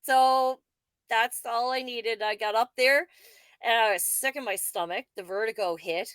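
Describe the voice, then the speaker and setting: A woman's voice: on the high side, a little slow, smooth, no echo. A woman co-hosting a veterans' podcast, telling stories in casual conversation and laughing often. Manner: animated storyteller, laughs often.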